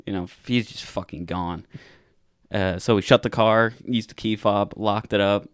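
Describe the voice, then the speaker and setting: A man's voice: on the low side, moderate pace, smooth, no room sound, clean studio sound. A young man co-hosting a podcast, telling a long drunken night-out story in a casual, profane way and acting out the quotes. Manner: profane, animated retelling with acted-out quotes. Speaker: podcast co-host.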